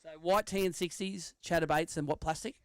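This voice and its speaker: A man's voice: a little high, fairly even intonation, brisk, smooth, dry recording. A man with an Australian accent hosting a live fishing weigh-in outdoors, chatty and joking as he reads out weights and standings. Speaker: weigh-in emcee.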